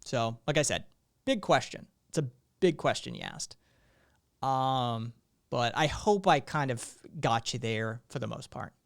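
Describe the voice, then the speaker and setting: A man's voice: medium pitch, expressive, measured pace, creaky. A man hosting a live stream, talking in a rambling way with lots of fillers and restarts. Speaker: streamer host.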